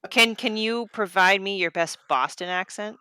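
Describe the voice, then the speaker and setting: A woman co-hosting a podcast, teasing the others with quick asides. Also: medium pitch, over a noisy crowd. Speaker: podcast co-host. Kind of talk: casual podcast banter.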